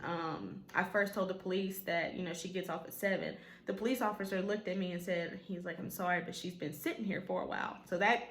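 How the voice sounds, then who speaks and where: A woman's voice: medium pitch, fairly bright tone, roomy sound. A woman telling a personal story in a vlog, emotional, with many fillers, often quoting what others said. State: tearful at times. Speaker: vlogger.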